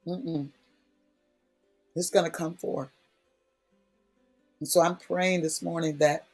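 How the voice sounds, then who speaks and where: Husky-voiced man preaching conversationally. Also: on the high side. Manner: folksy, emphatic, repeats key phrases. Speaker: prayer speaker. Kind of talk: conversational preaching in a prayer session.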